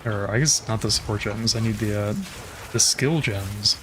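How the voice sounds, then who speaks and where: A man's voice: on the low side, moderate pace, background noise. A man casually commenting on his game as he plays, thinking aloud, swearing often and trailing off with fillers. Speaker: streamer.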